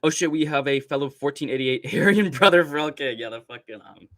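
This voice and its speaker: A man's voice: a little high, animated, fairly quick, a bit bright, dry recording. A young man hosting a casual livestream, ranting and rambling with constant swearing and laughter while reading chat. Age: young adult. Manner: profane, rambling rants with frequent laughter.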